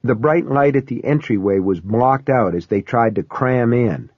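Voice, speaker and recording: A man reads a first-person horror story with measured, steady storytelling. His voice is dry and close, and the recording sounds dull and lo-fi. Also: mid-range voice, dry recording. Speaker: audiobook narrator.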